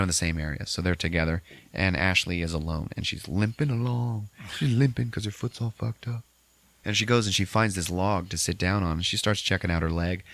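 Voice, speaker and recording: A man hosting a podcast, recapping a movie in a casual, profane, animated way and acting out the characters. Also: low-pitched, dry recording. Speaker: podcast host.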